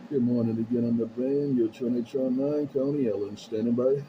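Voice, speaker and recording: A man's voice: medium pitch, fairly even intonation, a little fast. Man on a crackly CB radio. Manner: repeats call signs and greetings in sing-song phrases. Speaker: CB radio operator. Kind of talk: CB radio call-outs. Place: home base station. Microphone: CB radio handheld mic. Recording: lo-fi CB radio with static hiss.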